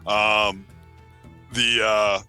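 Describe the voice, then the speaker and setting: A man player chatting casually on a live stream, laid-back and halting, with many restarts. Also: fairly low pitch, flat delivery, pushed and bright, faint music behind. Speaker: tabletop game player.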